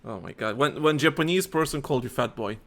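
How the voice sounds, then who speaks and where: A man's voice: mid-range voice, animated, fast, fairly bright tone. A man co-hosting a podcast, reacting and teasing in casual chat. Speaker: podcast co-host.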